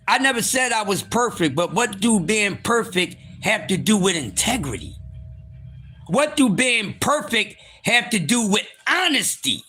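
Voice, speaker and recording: A man with a high, bright, sharp voice hosts a live stream and rants with blunt, profane energy. He moves between calm, smooth talk and loud, shouting bursts, repeating himself for emphasis. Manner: animated, swings from calm to shouting. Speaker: livestream host.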